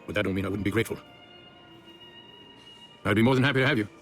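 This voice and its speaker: An actor playing a gruff, folksy business owner and worried father who speaks bluntly, in a game. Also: lowish voice, fast talker, a bit bright, soft background music, close to an everyday voice. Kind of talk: video game voice acting.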